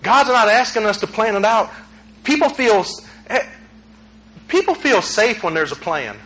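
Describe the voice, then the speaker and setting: High, bright-voiced preaching man. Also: sing-song, a little slow, poor audio. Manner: conversational preaching, rising to shouts. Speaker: pastor. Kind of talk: sermon.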